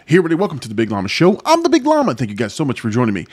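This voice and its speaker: A man hosting a movie reaction channel, talking in an energetic, chatty way. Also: mid-range voice, racing, over loud music. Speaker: host.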